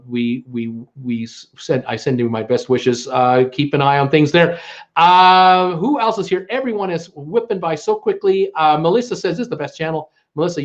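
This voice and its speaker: A man's voice: a little high, lo-fi sound. Chatty Canadian man hosting a livestream. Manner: chatty, welcoming, stumbles over names. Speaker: livestream host. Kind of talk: live-stream chat, reading viewer comments aloud.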